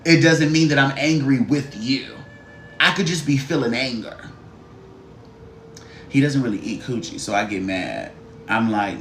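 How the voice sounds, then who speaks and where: A man's voice: mid-range voice, unhurried, long pauses, fairly bright tone, slight background noise. A man giving a live-stream card reading, blunt, profane and sassy, talking straight to the viewer and greeting chatters. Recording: roomy echo.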